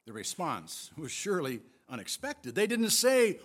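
Guy preaching a sermon, slow and emphatic, voice goes way up and down. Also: a little high. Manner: expressive, emphatic storytelling. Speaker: pastor.

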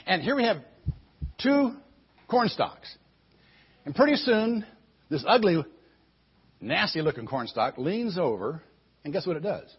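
A man telling a Bible story in an animated way, often repeating words as he goes. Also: high voice, moderate pace, pauses often, slightly rough. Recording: dull lo-fi recording.

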